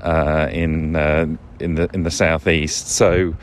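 A man's voice: extremely low pitch, flat delivery, slow pace. A man hosting a casual solo podcast, rambling and wry, often breaking off and restarting his sentences. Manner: rambling, self-interrupting, wry. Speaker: podcast host. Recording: noisy background.

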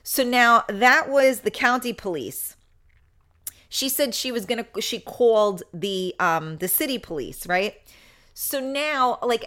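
Bright-voiced chatty woman talk show host. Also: mid-range voice. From New York. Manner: chatty, rambling storyteller with frequent laughs and asides. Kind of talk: casual live show chat.

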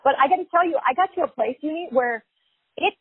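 Heard through a phone line, this woman talks fast in a voice that sits high, with a little hiss or hum in the background. She's a chiropractor and life coach being interviewed, recounting her story openly and emphatically, with frequent repetitions and fillers.

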